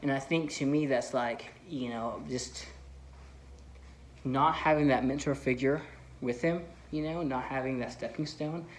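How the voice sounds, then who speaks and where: A man talking through film theories in a loose, unscripted vlog. He rambles, circling back with "like" and "you know" as he thinks aloud. He sounds like an eager fan at an ordinary middle pitch. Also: unhurried, slight background noise. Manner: enthusiastic fan. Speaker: film vlogger. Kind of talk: casual movie commentary.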